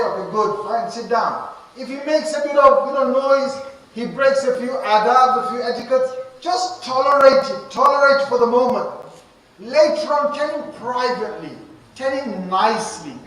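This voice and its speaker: A man preaching to youth in a mosque, animated and repetitive, speaking straight to the crowd. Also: very high-pitched, moderate pace. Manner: animated, repetitive, addresses the audience directly. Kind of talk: live mosque talk. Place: mosque prayer hall, indoors. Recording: echoey hall, distant mic, faint hiss.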